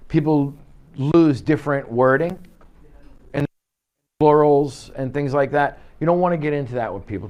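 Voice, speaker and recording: A man leading a live sales training session in an office, coaching with energy and acting out quick client exchanges. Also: on the high side. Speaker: real estate sales trainer. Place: office meeting room.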